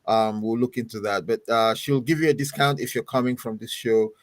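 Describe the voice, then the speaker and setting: A man's voice: mid-range voice, steady tone, a little fast, no echo. A man hosting a podcast as pastor, rambling and chatty in a casual sign-off. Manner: rambling, chatty, often laughing. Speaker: host.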